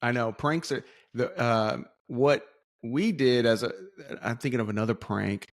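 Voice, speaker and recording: A man's voice: medium pitch, measured pace, dry recording, studio quality. A man telling stories in a casual podcast chat, acting out the voices as he goes. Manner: animated storyteller, acts out voices.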